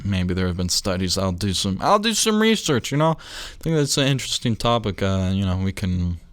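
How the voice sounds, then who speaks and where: A young man talking casually on his own podcast, rambling, losing his train of thought and joking along the way. His voice is lowish and smooth, recorded close and dry. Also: expressive, a little fast, no room sound. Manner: rambling, self-interrupting, jokey. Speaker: podcast host.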